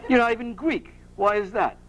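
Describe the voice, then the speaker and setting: A man reading aloud, voicing a sharp, mocking woman who questions a hero with scorn. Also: sits high, brisk, some chatter behind, a little hiss or hum, voice pushed up, low-quality recording. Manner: scornful, cutting.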